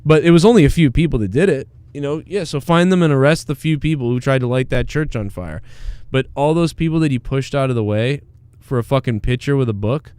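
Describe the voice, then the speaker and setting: A man's voice: mid-range voice, fairly quick, a little mellow, smooth, no echo. Man, podcast host, heated, rambling, swearing, dry close sound. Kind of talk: casual profane chat.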